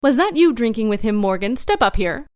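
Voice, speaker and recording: Woman doing a one-legged pirate landlord, hearty, blustering, smooth voice, storybook reading. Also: on the high side, big pitch swings, no room sound, studio quality. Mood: stern. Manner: loud, hearty, quick to bluster.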